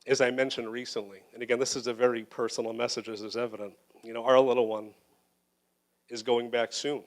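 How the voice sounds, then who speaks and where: A middle-aged male pastor preaching a sermon in a church, his voice sitting at an ordinary middle pitch. He speaks earnestly and personally, piling up phrases for emphasis while holding back tears. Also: level tone, a little fast. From United States. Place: church sanctuary.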